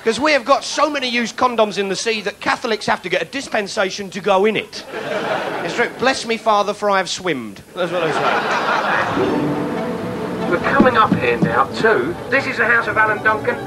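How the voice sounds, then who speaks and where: A man's voice: high-pitched, animated, brisk, loud music behind the voice, poor audio. A British man doing sardonic stand-up comedy as a mock tour guide. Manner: sardonic, jokey, puts on shouted voices for bits.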